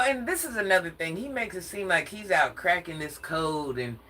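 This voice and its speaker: Sassy and confrontational, an older Atlanta woman rants on her vlog as a social media commentator, frequently breaking into laughter. Her voice sits low but sounds pushed and bright, against slight background noise.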